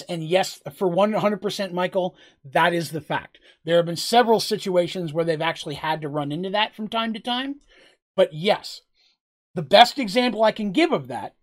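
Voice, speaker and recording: A game master casually narrating and answering questions during a tabletop game. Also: medium pitch. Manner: casual, chatty, asks "right?" often.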